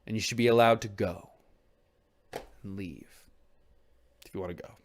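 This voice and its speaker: A man's voice: lowish voice, moderate pace, a little hiss or hum. A young man talking alone on his stream, candid and earnest, rambling with restarts and casual swearing. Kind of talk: reflective solo stream chat.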